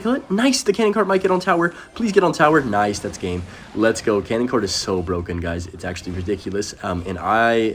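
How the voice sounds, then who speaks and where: A young man giving live commentary over his own gameplay, excitable and chatty, addressing viewers directly. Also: fairly low pitch, slight background noise. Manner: fast, excitable, talks to viewers as guys. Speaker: gaming commentator.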